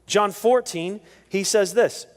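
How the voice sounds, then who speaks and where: A man's voice: sits high, slow pace, big-room sound. A male pastor preaching a sermon, emphatic and repeating his key phrases. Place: church sanctuary.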